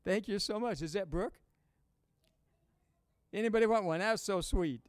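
Male pastor, high-pitched and clear, emphatic call-and-response sermon, dry close sound. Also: normal speed, no room sound. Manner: booming rises on key words.

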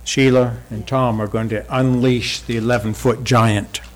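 A man's voice: mid-range voice, flat delivery, unhurried, slight background noise. A man preaching a sermon in a church hall. He talks emphatically and asks the congregation rhetorical questions. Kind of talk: sermon with visual aids.

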